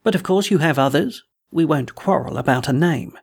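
A man voicing a courteous, quietly threatening old gentleman villain in a storybook reading. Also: a little high, lively intonation, moderate pace, slightly rough. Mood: silkily menacing.

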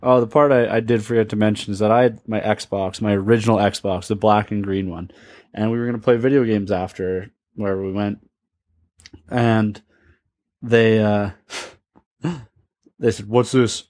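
A man's voice: lowish voice, steady tone, normal speed, pauses often, darkish tone, no echo, clean studio sound. A man casually telling a funny story, laughing along and acting out the voices of the people in it. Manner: laughing, acts out quoted voices. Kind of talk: casual anecdote.

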